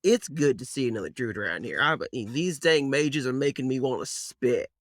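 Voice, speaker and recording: A man's voice: mid-range voice, animated, normal speed, no room sound, clean studio sound, lightly acted. A man voicing a bearded male gnome druid who talks in a folksy drawl and grumbles about mages, in a tabletop role-play. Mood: folksy grumbling.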